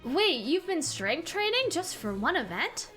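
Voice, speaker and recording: Flustered young man, whiny, read by a woman, very high. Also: sing-song, measured pace, fairly bright tone, faint music behind, heavily acted.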